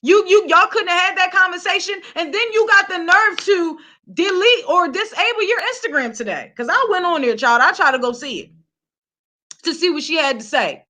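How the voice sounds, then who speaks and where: A Philadelphia gossip vlogger fires off a heated, profanity-laced rant about celebrities straight at the camera. She talks at a moderate pace in a very high, animated, sharp voice.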